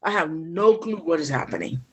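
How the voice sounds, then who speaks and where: Woman, slightly low voice, animated, emotional storyteller, interview guest. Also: moderate pace, breathy edge. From Ghana. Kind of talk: personal storytelling.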